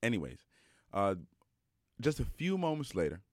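A young adult man telling a personal story in a casual monologue, animated and emphatic, with many fillers. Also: mid-range voice, moderate pace, dry recording, clean studio sound.

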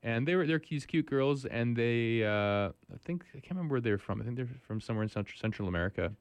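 A man's voice: mid-range voice, expressive, fast talker, smooth, no room sound. A man co-hosting a casual conversation, telling rambling anecdotes full of restarts. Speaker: podcast co-host.

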